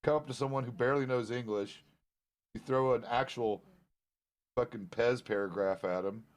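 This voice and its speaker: A man's voice: medium pitch, normal speed, dry recording. A middle-aged man, a roleplay streamer, chatting out of character in a laid-back, rambling, profane way. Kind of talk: casual out-of-character chat.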